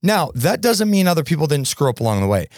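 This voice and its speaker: A middle-aged man hosting a podcast, telling stories in a loose, animated way with frequent fillers and repeats. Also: a little high, quick pace, no room sound, studio quality. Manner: animated storyteller with fillers and repetitions. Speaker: podcast host. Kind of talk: casual interview conversation.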